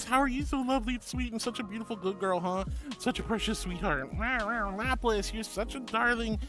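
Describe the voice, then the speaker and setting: High, bubbly, affectionate woman streamer. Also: fairly bright tone. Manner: affectionate, calls viewers honey and sweetheart; bubbly, with big gasps and swoops in pitch. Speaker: VTuber streamer. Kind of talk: casual chat reading out viewer messages.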